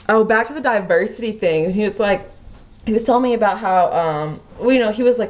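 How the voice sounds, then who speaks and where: A woman's voice: mid-range voice, a little fast. A young woman with a Kentucky accent telling a rambling story to her vlog, full of restarts and "like.". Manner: rambling, many restarts, lots of "like". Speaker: vlogger.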